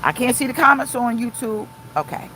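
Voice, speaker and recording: A woman's voice: a little high, animated, brisk, bright, forceful tone, low-quality recording. Middle-aged lady pastor preaching hard from her car, repeats herself for emphasis, faint engine hum. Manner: impassioned, emphatic, repetitive preaching. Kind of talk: live-streamed sermon reading viewer comments. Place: inside a car.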